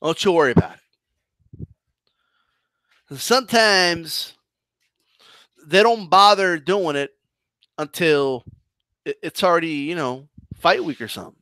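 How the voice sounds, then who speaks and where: Man, high voice, deliberate slow delivery, combative boxing chat. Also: no room sound. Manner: animated, mocking, combative rant with restarts. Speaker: boxing commentary channel host. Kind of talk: live-stream commentary reading chat.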